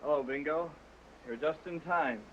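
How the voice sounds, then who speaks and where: A man's voice: fairly high pitch, moderate pace, slight background noise, lightly acted. An actor as a bitter, half-drunk young man. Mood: sardonic. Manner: sardonic, mocking speeches. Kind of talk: early sound-film acting. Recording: dull early talkie sound with music.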